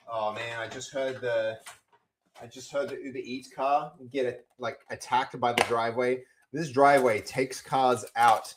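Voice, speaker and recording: A young man live-streams while coding, chatting casually with his viewers and rambling with lots of restarts as he talks to chat. His voice is medium in pitch, steady in tone and a little slow.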